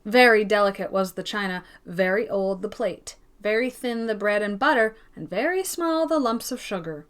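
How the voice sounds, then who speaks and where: A woman reading a classic novel aloud in an even, gentle storytelling manner. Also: mid-range voice, moderate pace, few pauses. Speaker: narrator of an audiobook. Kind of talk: scripted audiobook narration.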